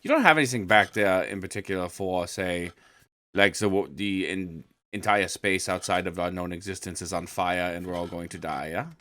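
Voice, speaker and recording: Man, very low voice, bright and forceful, dry sound, deadpan joking. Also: moderate pace, no echo. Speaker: player. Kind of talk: in-character tabletop play.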